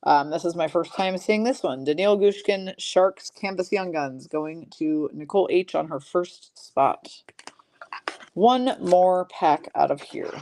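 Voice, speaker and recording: A woman hosting a live-streamed trading card break, briskly calling out each pull and teasing her chat viewers. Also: fairly low pitch, a little mellow.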